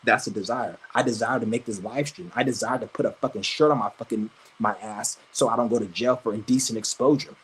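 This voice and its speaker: In an angry livestream rant, a man with a mid-range, breathy-edged voice talks briskly with few pauses. He's crude and combative and keeps stumbling over repeated restarts. The recording is rough.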